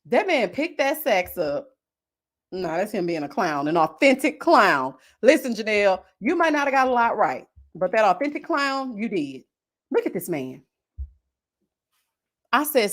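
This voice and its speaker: Animated, sassy woman. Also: medium pitch, a little slow. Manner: animated, sassy, gossipy and expressive. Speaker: YouTube reality-TV reviewer. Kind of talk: casual live-stream commentary.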